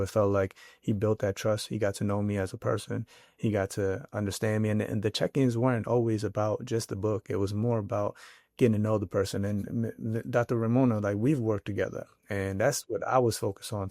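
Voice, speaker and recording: A man's voice: lowish voice, mellow, no echo, studio quality. A man who is an author and educator, speaking as a podcast guest in a reflective way and often repeating words as he thinks. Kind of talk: reflective interview talk.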